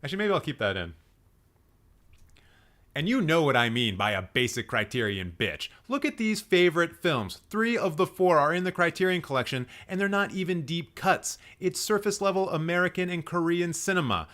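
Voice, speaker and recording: A man's voice: a little high, expressive, normal speed, a bit bright. A man hosting a casual live stream, playfully roasting people and laughing at his own jokes while he rambles and corrects himself. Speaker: host.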